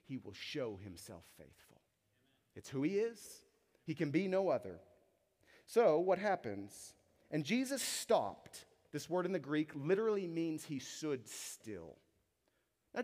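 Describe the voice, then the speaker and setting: A young man preaching a sermon in church, acting out the voices in the story and dropping to soft, intense tones. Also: fairly high pitch, long reverb tail. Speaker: pastor. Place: church hall.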